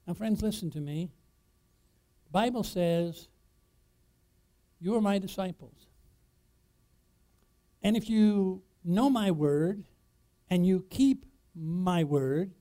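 A man preaching a sermon as pastor, emphatic, posing rhetorical questions to the congregation and swinging between loud declarations and quiet asides. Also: high-pitched.

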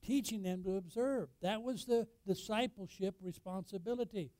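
High-voiced pastor preaching a sermon. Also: male voice, moderate pace, dry recording. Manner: preacherly, rising to loud emphatic peaks and dropping low; asks the congregation questions.

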